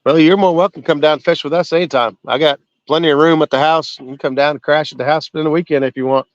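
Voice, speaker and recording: A man's voice: a little high, steady tone, quick pace, no echo, muffled recording. A man hosting a fishing channel, chatting in an easygoing, folksy and hospitable way. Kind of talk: casual chat on a fishing livestream.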